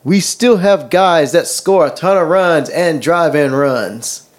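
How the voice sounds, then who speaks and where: A man's voice: fairly high pitch, takes it slowly. A man co-hosting a casual chat, reading comments aloud with dry, wry remarks. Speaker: podcast co-host.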